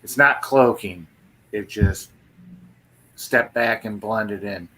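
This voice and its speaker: Bright-voiced man telling a story. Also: fairly low pitch, slow, a little hiss or hum. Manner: animated, eager storyteller. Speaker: co-host of a live paranormal show. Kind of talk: casual live-stream chat and storytelling.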